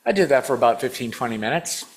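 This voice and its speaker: Animated man in his sixties telling a story. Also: mid-range voice, fast talker. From Washington State. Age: 60s. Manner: animated, asks the audience questions, acts out his younger self. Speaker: guest speaker. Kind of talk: storytelling sermon.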